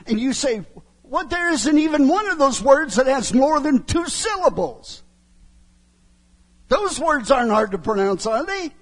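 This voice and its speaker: Preaching with an extremely high, husky voice, this middle-aged man is very animated throughout his sermon. He's slow and emphatic, frequently throwing a "huh?" out to the crowd.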